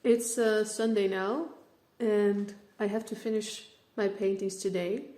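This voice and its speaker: A young Dutch woman, a native Dutch speaker, talks casually through a studio vlog about her painting. Her voice is mellow and soft-edged, and she fills her talk with "like" and small laughs. She sounds slightly out of breath. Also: medium pitch, fairly even intonation, unhurried. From Netherlands. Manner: chatty, filler-heavy, laughs often. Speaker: portrait painter.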